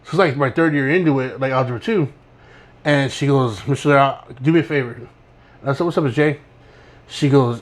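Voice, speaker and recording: A man's voice: on the high side, brisk. A young man co-hosting a podcast, telling rambling, laid-back stories and laughing as he goes. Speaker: podcast co-host. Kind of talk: casual storytelling chat.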